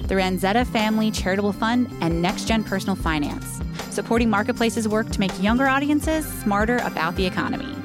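A woman co-hosting a kids' podcast, reading announcements in a bright, friendly way. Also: medium pitch, a little fast, hardly any pauses. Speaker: co-host. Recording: music bed underneath.

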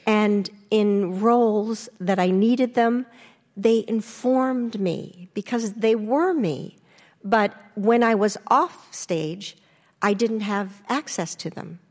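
Older woman, interview guest, candid storytelling, animated, long reverb. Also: takes it slowly. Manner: animated, restarts, acts out quotes with rising pitch.

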